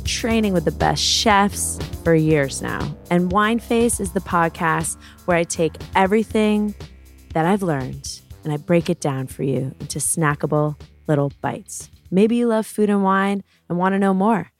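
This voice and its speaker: A woman's voice: lowish voice, unhurried, soft background music. A woman hosting a wine podcast, talking casually in a playful, slangy, jokey way. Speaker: podcast host. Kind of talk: casual chat about wine.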